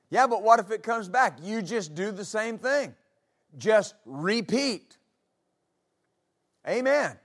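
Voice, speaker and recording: Slow, high-voiced preaching man. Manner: slow, emphatic preaching with repeated phrases; rises to loud exclamations at climaxes. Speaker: pastor. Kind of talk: sermon.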